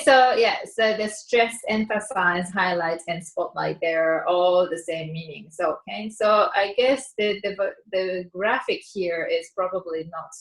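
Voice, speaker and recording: A woman teaching English vocabulary in an online seminar, explaining slowly and patiently with frequent fillers and restarts; her first language is Japanese. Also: lowish voice, poor audio. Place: online session.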